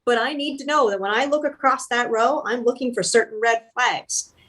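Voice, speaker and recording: A woman's voice: fairly high pitch, normal speed, fairly bright tone, slight background noise. Canadian woman guest on a business podcast, direct and emphatic, laughs a lot. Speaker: fractional COO, interview guest. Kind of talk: casual interview chat.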